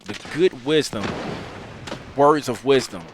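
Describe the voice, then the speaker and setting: Choked-up man with a lively voice. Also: medium pitch, slow pace, background noise. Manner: heartfelt, repetitive, preacherly phrasing. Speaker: gaming channel host. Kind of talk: emotional personal monologue.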